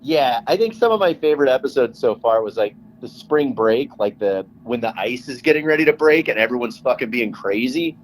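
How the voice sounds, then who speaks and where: A man's voice: mid-range voice, fairly quick, hardly any pauses, a little hiss or hum, low-quality recording. A man co-hosting a podcast, chatting casually and telling stories with lots of energy and easy swearing. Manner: animated storyteller, swearing casually. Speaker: podcast co-host. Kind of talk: casual chat.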